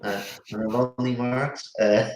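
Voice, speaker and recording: A man co-hosting a casual podcast chat, talking in halting bursts with many fillers. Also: medium pitch, level tone, a little mellow. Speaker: podcast co-host. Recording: roomy echo with faint noise.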